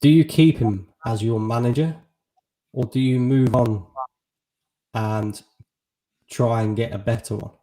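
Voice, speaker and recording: Easygoing stream host. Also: male voice, mid-range voice, steady tone, measured pace, pauses often, warm tone, poor audio. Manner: easygoing, asks questions, reads comments. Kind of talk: casual live-stream chat.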